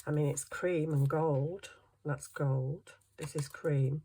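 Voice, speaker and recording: Working slowly through a craft project, a middle-aged woman vlogger chats and thinks aloud in a self-deprecating, chatty way. She has a low, dark voice with fairly even intonation, and a little hiss or hum sits in the recording.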